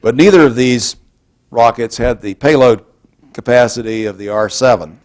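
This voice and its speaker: Man from Texas, university lecturer, public lecture, measured wry delivery, mid-pitched voice. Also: darkish tone.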